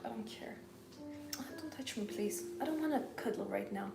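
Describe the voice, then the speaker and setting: A woman voicing a lazy, self-content female house cat in a soft, drawling, unbothered way. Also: a little high, lively intonation, normal speed, gravelly. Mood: carefree. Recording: roomy with background music.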